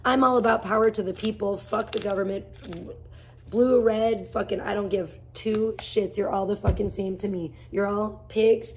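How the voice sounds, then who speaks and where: A woman's voice: mid-range voice, moderate pace, darkish tone, husky. A woman live streaming, ranting bluntly and swearing heavily, jumping between topics and greeting viewers in chat. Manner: blunt, heavily profane, rambling rants; greets chat viewers by name mid-rant. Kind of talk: casual ranting livestream chat.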